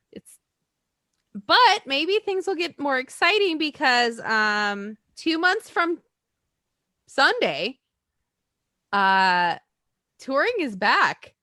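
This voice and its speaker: Woman, higher voice, very animated, rambling casual chat, dry close sound. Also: no echo. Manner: chatty, rambling, laughs often. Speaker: podcast co-host.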